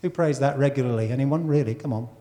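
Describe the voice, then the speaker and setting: A man's voice: medium pitch, quick pace, dark tone. A man preaching a sermon to his church, talking conversationally and asking the congregation questions. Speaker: pastor. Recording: church hall with long reverb.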